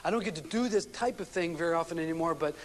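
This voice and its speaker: High-voiced man lecturing in a reverberant hall. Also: quick pace. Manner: folksy storytelling with frequent restarts and fillers. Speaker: seminar speaker. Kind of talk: relationship seminar lecture with anecdotes. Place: seminar room with a live audience. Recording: long reverb of a seminar hall.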